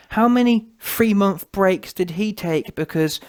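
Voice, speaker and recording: Scornful high-voiced man ranting. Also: moderate pace, hardly any pauses, clean tone. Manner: animated, scornful, repetitive. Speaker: boxing commentator. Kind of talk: ranting commentary vlog.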